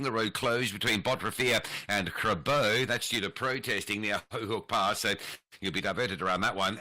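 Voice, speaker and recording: Brief: male traffic reporter, very bright and cutting tone, slightly low voice, filler-heavy delivery. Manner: brisk, with frequent uh fillers.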